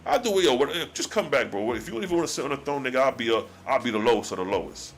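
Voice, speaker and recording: A man's voice: mid-range voice, expressive, racing, slight background noise, voice pushed down, natural voice. A man voicing God as a blunt, streetwise male friend, slangy and exasperated. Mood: pleading.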